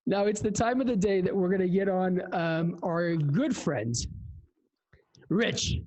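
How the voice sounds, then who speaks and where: A man hosting a talk show who makes slow, emphatic announcements and talks informally, with the odd swear word. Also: sits high, a little mellow. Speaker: host.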